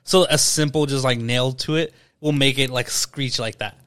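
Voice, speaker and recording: A man co-hosting a casual film podcast, eager and talkative, stumbling over repeated words as he gets excited. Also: mid-range voice, moderate pace, clean tone, dry recording, studio quality. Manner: enthusiastic, stammering restarts, casual slang. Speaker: podcast co-host.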